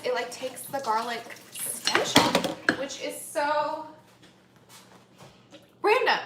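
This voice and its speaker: Her medium-pitched voice comes through a very noisy recording as she hosts a cooking livestream from her home kitchen. The young woman is chatty and giggly, sprinkling in playful asides while she cooks. Pots and dishes clatter in the echoey room.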